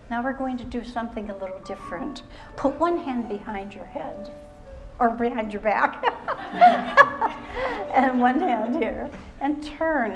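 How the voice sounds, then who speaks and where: On a live stage show, a woman fitness instructor leads a seated exercise routine with short, calm, step-by-step cues, encouraging the audience throughout. Her voice is fairly high. Background music plays under her speech.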